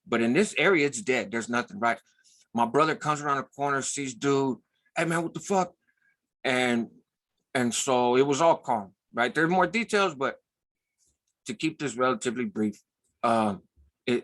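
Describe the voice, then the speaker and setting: A man's voice: mid-range voice, fairly bright tone. A man hosting his own channel, telling a story in a casual, blunt way, often checking in with "right?" and swearing freely. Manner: loose, conversational, tags lines with "right?". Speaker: host.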